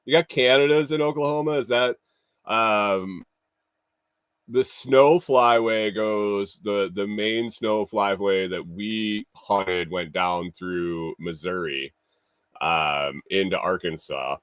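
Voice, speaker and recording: A man's voice: lowish voice, takes it slowly, fairly bright tone, smooth, no echo. A man hosting a casual livestream morning show, reading viewer comments, laughing often and swearing, with rambling restarts.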